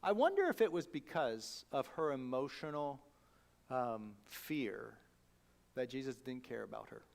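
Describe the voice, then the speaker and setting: A man preaching a sermon as pastor, conversational and animated, acting out the people he quotes. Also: medium pitch, a little slow, creaky.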